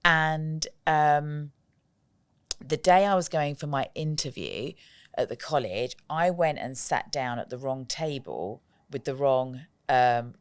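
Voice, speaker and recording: Low, smooth-voiced woman telling lively stories. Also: no room sound. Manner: lively storyteller, acts out quotes, laughs often. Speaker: podcast guest, joy coach. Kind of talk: casual interview chat.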